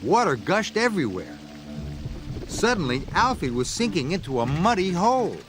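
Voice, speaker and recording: A man narrating a children's storybook aloud in an expressive, sing-song way. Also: high voice, normal speed. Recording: read-aloud over background music. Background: music.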